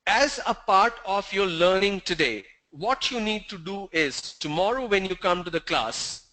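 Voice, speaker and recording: A man's voice: high voice, lively intonation, unhurried, sharp tone, poor audio. A middle-aged man teaching English pronunciation in an online lesson, drilling sounds letter by letter and correcting common mistakes.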